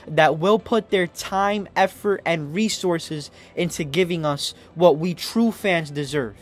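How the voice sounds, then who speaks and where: A man's voice: on the high side, a bit bright. A young man hosting a sports podcast, delivering an impassioned, emotional rant to camera. He raises his voice, swears, and stumbles over restarts. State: emotional, near tears.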